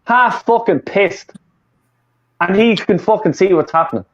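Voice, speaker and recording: An Irish man from Dublin rants with casual heat, swearing constantly. His voice sits a little high. The recording is muffled and lo-fi. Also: unhurried, slight background noise. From Ireland, Dublin. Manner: sweary, heated ranting. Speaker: fan podcast co-host. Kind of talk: casual chat. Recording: muffled lo-fi audio.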